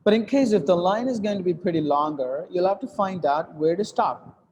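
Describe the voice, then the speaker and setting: A man's voice: sits high, lively intonation, normal speed, darkish tone, in a large hall, slight background noise. A man teaching an English lesson while writing on a board, with many fillers and restarts, often repeating "look at that.".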